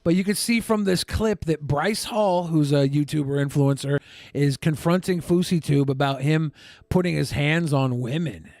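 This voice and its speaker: A man hosting a podcast in loose, casual talk. His voice sits a bit high and sounds dry and close, with no room echo. He jokes crudely and mocks freely. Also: moderate pace, a little mellow. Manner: crude, mocking banter. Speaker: podcast host. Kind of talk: casual chat.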